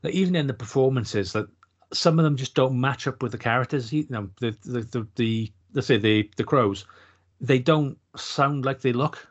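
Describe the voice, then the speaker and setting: A man's voice: medium pitch, normal speed. A middle-aged man, co-hosting a podcast in casual chat and working through his thoughts with many restarts. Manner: thoughtful, meandering, frequent restarts. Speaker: podcast co-host. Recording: dull lo-fi podcast audio.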